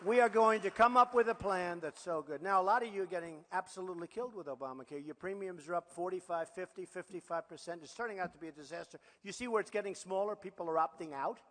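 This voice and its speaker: A man's voice: sits high, quick pace, few pauses, fairly bright tone. A man in his sixties giving a campaign rally speech, boastful and repetitive, with conversational asides to the crowd. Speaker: political candidate. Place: large rally hall. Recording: long hall reverb at a rally.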